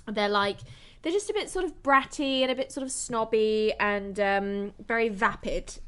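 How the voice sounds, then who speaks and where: A woman's voice: medium pitch, normal speed, smooth. A woman co-hosting a film podcast, chatting casually and with animation, full of "like" and "sort of", with some swearing. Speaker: podcast co-host. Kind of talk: casual film review chat.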